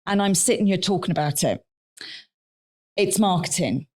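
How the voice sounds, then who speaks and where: Animated woman telling stories. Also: fairly low pitch, normal speed. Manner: animated storyteller, blunt and swears. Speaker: podcast co-host. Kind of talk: live podcast chat. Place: recording studio with a live audience.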